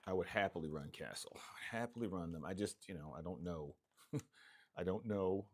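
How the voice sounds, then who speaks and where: A man's voice: sits low, a little fast, noisy background. A man chatting casually and mumbling to himself while he builds RC cars, rambling and playful. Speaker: hobbyist streamer building RC cars. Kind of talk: casual talk while working.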